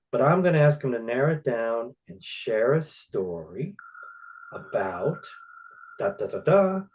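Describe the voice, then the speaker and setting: An upbeat man with a Long Island accent hosts a relaxed interview, his voice sitting at an ordinary middle pitch. He laughs easily and keeps the chat moving along. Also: low-quality recording. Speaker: podcast host. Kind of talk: casual interview.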